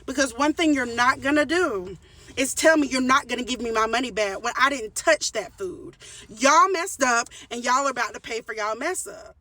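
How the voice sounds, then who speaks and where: A woman's voice: on the high side, moderate pace, bright, forceful tone, recorded from a distance. A woman telling a storytime to her viewers in a casual rant, emphatic and repeating her phrases with frequent restarts.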